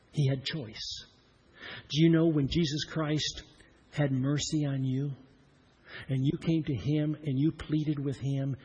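A middle-aged man preaching a sermon, swinging between loud emphatic lines and hushed, slowed-down ones. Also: a little high, breathy edge, rough recording. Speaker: pastor.

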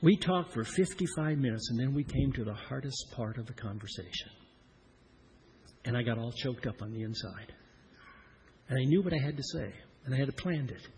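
A pastor from Iowa preaching a personal story in an earnest, repetitive style that grows louder at its points. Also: male voice, mid-range voice, lively intonation, moderate pace, slight background noise. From Iowa, USA.

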